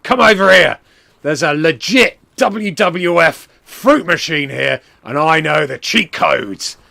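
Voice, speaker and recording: A man's voice: fairly high pitch, expressive, slow pace, vocal fry, pushed and bright, exaggerated voice. A man voicing a brash, muscle-bound male wrestling boss who barks crude, bossy insults. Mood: shouting.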